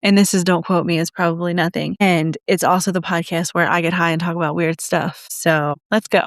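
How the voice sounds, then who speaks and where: A woman's voice: fairly low pitch, steady tone, brisk, no room sound, studio quality. A woman hosting her own podcast, chatting casually and out of breath, giggling and rambling as she repeats herself. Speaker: podcast host. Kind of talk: casual solo podcast chat.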